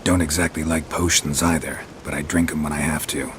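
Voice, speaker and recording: Very deep and terse, a steady male voice plays a laconic witcher monster hunter in clipped game dialogue, speaking a little fast. Heavy rain is heard in the game audio, leaving slight background noise.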